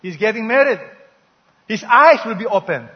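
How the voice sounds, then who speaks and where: Pastor preaching hard, high voice, big church echo, kinda muffled. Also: male voice, animated, moderate pace. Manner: emphatic, call-and-response with the congregation. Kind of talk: sermon. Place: church hall. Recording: dull lo-fi recording in a reverberant church hall.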